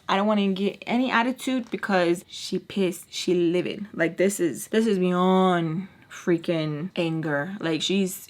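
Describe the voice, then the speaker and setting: Animated woman telling a story. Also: medium pitch. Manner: animated, filler-heavy, swearing. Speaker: vlogger. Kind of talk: casual story time.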